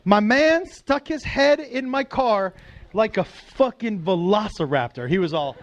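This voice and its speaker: A man with a strikingly high voice performs stand-up comedy and swings his pitch all over as he acts out the characters. He is middle-aged, tells his story in a lively, profane way, and slips in and out of the voices he imitates. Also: measured pace, highs cut off, a little hiss or hum.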